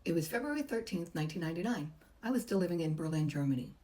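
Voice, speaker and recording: A woman's voice: lowish voice, animated, racing, mellow, poor audio. A middle-aged woman, a massage therapist, chattily telling a personal story and acting out the voices she quotes. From United States.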